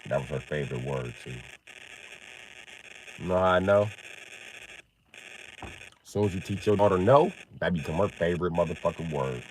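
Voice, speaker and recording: A man live-streaming a casual comedic rant. He swears heavily, laughs at his own jokes and acts out other people in loud, high yelps. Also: expressive, normal speed, long pauses, a little hiss or hum, low-quality recording. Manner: profane, jokey storyteller.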